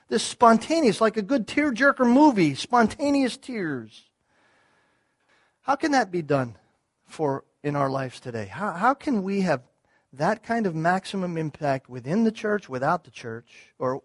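A man's voice: high-pitched, animated, moderate pace. A man preaching a sermon to his congregation, earnest, repeating key words, with small restarts as he explains. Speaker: pastor.

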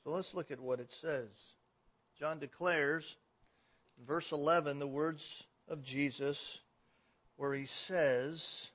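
A man preaching a sermon, building from steady explanation to loud, emphatic declarations. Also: fairly high pitch, takes it slowly. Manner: swells to emphatic, raised declarations. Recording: dull, lo-fi recording.

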